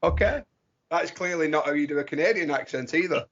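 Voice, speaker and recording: A man's voice: fairly high pitch, quick pace, muffled recording. A man, co-hosting a podcast in upbeat, teasing casual chat. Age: 30s. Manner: upbeat, teasing, lively intros. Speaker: podcast co-host.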